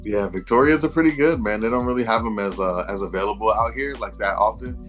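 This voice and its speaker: A man co-hosting a podcast with a fairly low voice. He keeps a relaxed, slangy banter going, and faint music plays in the background. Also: fast. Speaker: podcast co-host. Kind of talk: casual chat.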